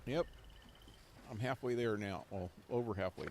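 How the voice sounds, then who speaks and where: A man's voice: on the low side, moderate pace, background noise. A man streaming a video game, chatting casually and joking with himself about what happens on screen, from a cold room at home. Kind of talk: casual commentary while playing.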